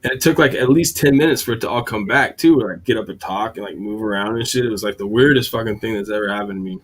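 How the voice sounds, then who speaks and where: A man in casual chat, rambling and animated, swearing often as he talks. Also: on the low side, fast. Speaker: host.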